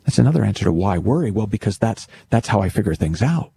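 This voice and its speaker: A man's voice: lowish voice, quick pace, creaky, a little hiss or hum. A man giving a storytelling talk about worry, acting out jokes with little voices. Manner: tells jokes with acted voices, animated. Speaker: speaker on worry and thinking.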